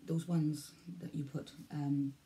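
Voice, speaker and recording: Speaking slowly in a warm, low-pitched voice with little pitch movement, this Welsh vlogger in her forties addresses the camera casually. She wanders off topic, says things twice and loses her thread.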